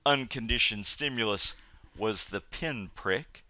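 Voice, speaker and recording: A male psychology lecturer giving a recorded video lecture in a measured, explanatory way, often pausing on "uh" fillers. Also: lowish voice, sharp tone. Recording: dull, lo-fi, dry recording.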